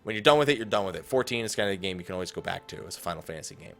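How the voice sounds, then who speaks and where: A man hosting a casual gaming podcast, talking in a lively way and acting out quoted people. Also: low-pitched, racing, creaky. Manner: animated, mimics people in quotes. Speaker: podcast host.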